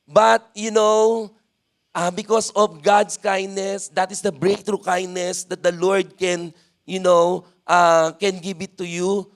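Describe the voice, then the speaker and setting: A man's voice: high voice, little pitch movement, takes it slowly. A man with a Filipino accent preaching a sermon at a church service, leading the congregation and filling his talk with "amen.". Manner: mixes in Tagalog, leads congregation responses, frequent "amen".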